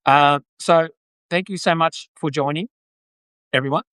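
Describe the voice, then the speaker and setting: A man's voice: on the high side, a little slow, fairly bright tone, clear, resonant tone, dry recording. An Australian man hosting a live video podcast, chatting casually and greeting viewers in the chat. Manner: chatty, rambling, reads out viewer comments. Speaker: podcast host.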